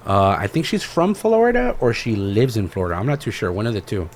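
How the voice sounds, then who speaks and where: A man's voice: lowish voice, very animated, a little fast. A man co-hosting a podcast in casual chat, rambling and slangy, with lots of fillers. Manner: rambling, laid-back retelling with lots of fillers; slangy, says "bro". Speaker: podcast co-host.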